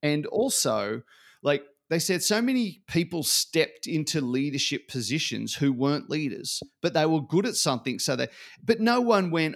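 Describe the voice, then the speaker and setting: A man's voice: a little high, normal speed. A man, a podcast guest chatting casually and acting out quotes as he tells stories. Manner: animated storyteller acting out quotes.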